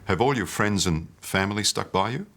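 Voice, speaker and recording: A man's voice: on the low side, expressive, brisk, fairly bright tone. A man asking direct interview questions.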